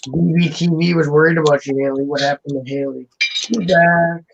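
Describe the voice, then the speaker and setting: A man hosts a live building stream, chatting and joking with a slightly high voice. He reads out viewer comments as he goes. Faint noise and clicks sit behind him. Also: fairly even intonation, normal speed, vocal fry, dull audio. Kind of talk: casual chat while building.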